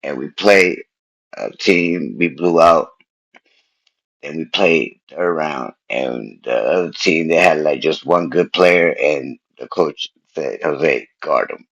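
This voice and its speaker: A man casually telling a personal story in street slang, animated and repeating himself as he goes. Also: a bass voice, slow, husky, muffled recording.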